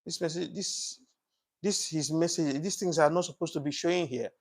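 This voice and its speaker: A man with a voice on the high side and a moderate pace hosts a casual live broadcast. He thanks viewers by name and preaches passionately about politics, using many fillers and repeats.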